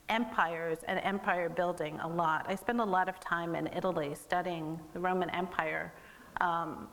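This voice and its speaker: A woman's voice: fairly low pitch, fairly bright tone, long reverb tail, low-quality recording. A woman artist giving a conversational gallery talk about her work, explaining at an easy pace with frequent fillers. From American. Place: museum gallery.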